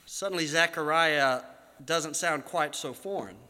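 A male pastor preaching a sermon, swinging from hushed, drawn-out lines to loud cries. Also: on the high side. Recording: long hall reverb.

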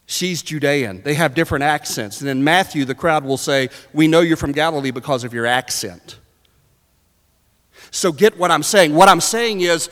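A man delivers a sermon to a congregation, his slightly raised voice climbing to shouts and dropping to near whispers. His words ring out with a long reverb, as from a large church hall. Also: on the high side, normal speed. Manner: dynamic, swings from shouting to hushed; speaks to a live congregation. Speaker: preacher.

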